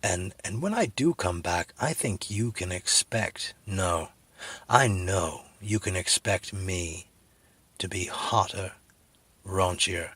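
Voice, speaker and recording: A middle-aged man telling a rambling comic story full of fillers, with a husky voice. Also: deep voice, no echo. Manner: rambling, filler-heavy, deadpan, then sincere. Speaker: comedic video host.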